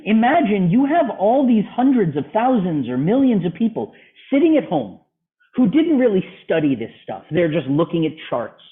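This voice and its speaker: On a video call with phone-like sound, a high-voiced man whose pitch swings widely teaches a trading club at a moderate pace. He steps through charts and asks a student questions.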